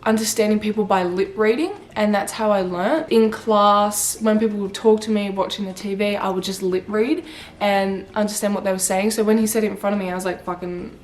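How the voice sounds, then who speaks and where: A woman's voice: medium pitch, fairly quick. Chatty young woman vlogger. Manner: animated, swearing, chatty with frequent "like". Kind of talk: casual storytelling vlog.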